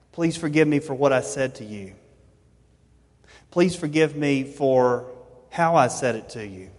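Male pastor, mid-pitched, earnest conversational sermon, reverberant hall. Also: darkish tone. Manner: earnest, conversational preaching with frequent restarts. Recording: long reverb of a large hall.

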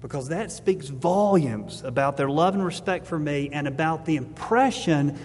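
A man's voice: a little high, animated, moderate pace, darkish tone. A middle-aged man, a pastor preaching a sermon, earnest and building to emphatic exhortation, with a fatherly tone. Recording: long hall reverb.

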